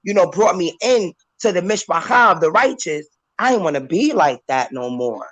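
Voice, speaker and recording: A woman's voice: on the low side, moderate pace, no echo, low-quality recording. A woman calling into a talk panel, speaking emphatically and emotionally, close to tears, preaching and acting out voices. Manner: emphatic, animated, switches into character voices. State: tearful, emotional.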